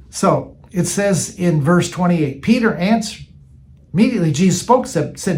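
High-pitched male preacher, casual sermon delivery, repeats lines for emphasis. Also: expressive, moderate pace, darkish tone. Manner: conversational, repeats phrases for emphasis.

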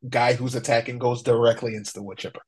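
Laid-back man at mid pitch, laughing. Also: fairly even intonation, fast, a little mellow, husky. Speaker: podcast guest. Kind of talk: casual chat.

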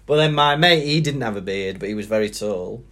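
A man's voice: on the low side, animated, a little fast, a bit bright. A young Welsh-born man with a Manchester accent, co-hosting a casual podcast chat and telling stories with frequent laughs. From Wales. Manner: chatty, laughs often, storytelling. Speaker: podcast co-host.

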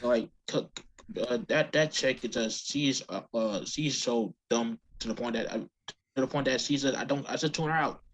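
A man's voice: medium pitch, normal speed, slight background noise. A man co-hosting a casual wrestling podcast, talking bluntly with many restarts and fillers. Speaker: podcast co-host.

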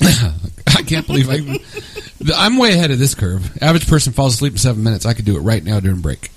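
Man, radio co-host, animated storyteller, voice rising and falling widely, laughs a lot, studio mic. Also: medium pitch, brisk, a little hiss or hum. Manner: animated storytelling, laughs often, acts out both sides of arguments. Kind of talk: casual radio banter.

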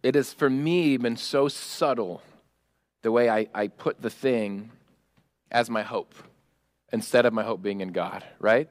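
A man preaching a sermon as pastor, animated, acting out prayers and quoting in a raised voice, with frequent laughs. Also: medium pitch, a little slow, no echo, clean studio sound.

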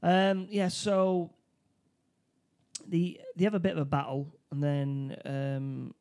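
Man, casual film recap, gravelly and mellow, animated storyteller. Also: fairly high pitch, slow. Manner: animated retelling with acted quotes, many restarts. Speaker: film discussion co-host. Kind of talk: casual chat retelling a film plot.

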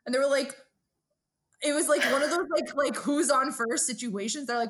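A woman's voice: high voice, moderate pace. A woman from Brooklyn with a New York accent, co-hosting a casual podcast chat and telling stories with plenty of swearing. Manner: profane, storytelling, animated. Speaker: podcast co-host.

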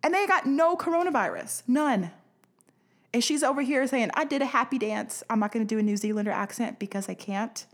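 A woman's voice: fairly high pitch, expressive, fairly quick. A young woman from the United States hosting a casual solo podcast, ranting sarcastically, swearing freely and laughing often. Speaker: podcast host. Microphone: studio podcast mic.

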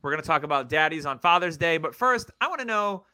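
A man's voice: a little high, lively intonation, fast talker, sharp tone, clear, resonant tone, no echo. A man hosting a podcast in casual chat, joking and teasing his co-hosts. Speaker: podcast host.

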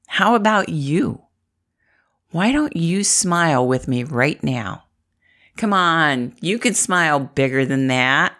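A woman's voice: sits low, lively intonation, slow pace, fairly bright tone. A middle-aged woman from the Midwest, talking to camera in a chatty, encouraging way and laughing often. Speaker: inspirational vlogger. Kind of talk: upbeat motivational talk to camera.

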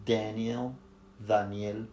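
A man's voice: fairly low pitch, level tone, slow, darkish tone. A man whose first language is Spanish, co-hosting a casual podcast and patiently drilling pronunciation by repeating sounds. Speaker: podcast co-host. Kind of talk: casual chat. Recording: echoey room with faint noise.

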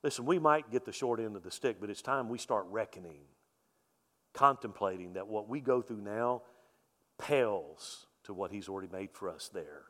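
A male pastor preaching a sermon in a folksy, joking way, swinging from loud emphasis to soft, quiet lines. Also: fairly low pitch, animated, normal speed. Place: church sanctuary. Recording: long reverb of a church hall.

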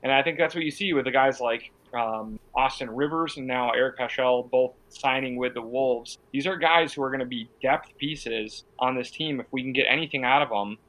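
A man's voice: medium pitch, moderate pace, few pauses, a bit bright, rough recording. A man hosting a casual sports podcast, steering topics and giving blunt opinions. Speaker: podcast host.

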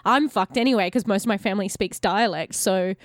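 A woman's voice: mid-range voice, fairly quick, no echo. A young woman chatting casually as a podcast guest, laughing often and swearing offhandedly. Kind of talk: casual chat.

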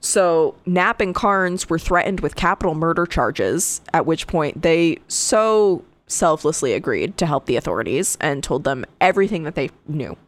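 Low-voiced woman narrating true crime. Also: moderate pace, hardly any pauses, no room sound. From Connecticut. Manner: casual, profane, animated asides while reading case notes. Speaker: podcast co-host. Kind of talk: true crime podcast storytelling.

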